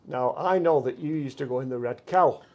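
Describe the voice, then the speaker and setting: A man's voice: medium pitch, fairly quick, dark tone. An older man, co-hosting a chat show and laughing through his anecdotes. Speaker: co-host. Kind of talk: casual chat. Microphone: live show mic.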